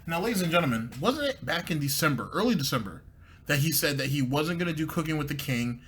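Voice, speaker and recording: Husky man with dry mocking commentary. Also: a little high, animated, fast, a bit bright. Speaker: commentary host. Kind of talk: sarcastic commentary over clips.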